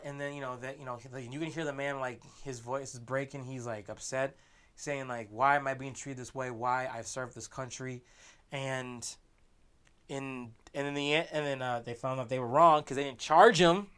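A man's voice: medium pitch, fairly even intonation, normal speed, a bit bright, clear, resonant tone. A man co-hosting a casual podcast chat, earnest and argumentative, often restarting his sentences. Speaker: podcast co-host.

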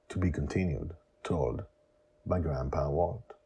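Brief: low, husky male host-storyteller, lively reading. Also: a little slow. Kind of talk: scripted story narration.

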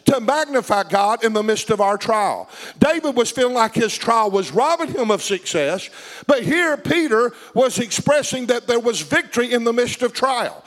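A man's voice: very high voice, animated, normal speed, a bit bright. A man preaching a sermon, reading scripture and putting questions to his congregation.

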